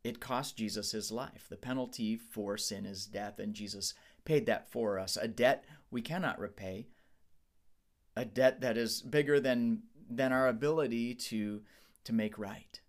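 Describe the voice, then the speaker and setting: A man's voice: mid-range voice, unhurried. A man in his forties, a pastor, preaching a candid, conversational sermon with some restarts.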